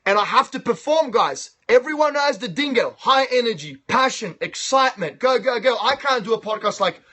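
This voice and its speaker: An Australian man talking on a phone live stream in a loud, boastful, profane, hyped-up way. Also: very high voice, lively intonation, moderate pace.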